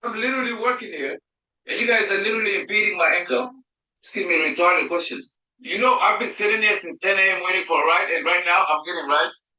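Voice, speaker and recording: A man working as a driver, confronting officers, challenging them with heated questions and sometimes shouting. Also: sits high, quick pace, echoey room, poor audio.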